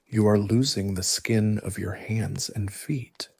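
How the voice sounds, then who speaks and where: A man voicing a clever young woman, a giant's daughter, who calmly instructs the hero, in soft ASMR storytelling. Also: on the low side, slow pace, gravelly, slightly rough, dry recording, full character voice.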